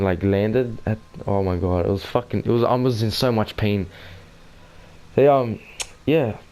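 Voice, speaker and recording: A teenage boy tells a story from his school days in a fairly low voice. He rambles, swears constantly and keeps breaking off to restart his sentences, all in a casual, offhand way. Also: darkish tone, clear, resonant tone. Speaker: gaming channel host.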